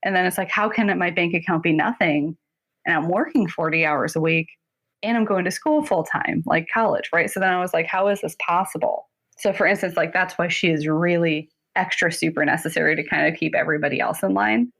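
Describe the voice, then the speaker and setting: A woman guest therapist talking casually in an interview, chatty and quick, laughing often and saying "like" a lot. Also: fairly low pitch, gravelly, fairly bright tone. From North Carolina, US.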